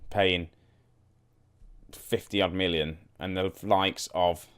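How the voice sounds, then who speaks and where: Young man, very low voice, casual gaming commentary, chatty, thinks aloud, talks to viewers. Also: steady tone, slow, a bit bright, clean tone. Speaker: gaming YouTuber. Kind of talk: casual let's-play commentary.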